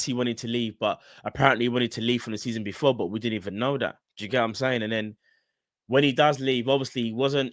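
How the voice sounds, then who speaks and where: A man's voice: mid-range voice, sharp tone, no room sound, clean studio sound. A man hosting a live fan stream, talking casually and in slang straight to his chat. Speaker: fan channel host.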